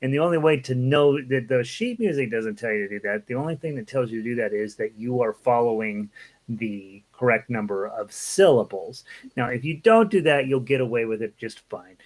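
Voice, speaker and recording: A man teaching a casual online ukulele lesson, relaxed and chatty, counting beats aloud and singing lines along as he plays. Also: medium pitch, brisk. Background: ukulele playing.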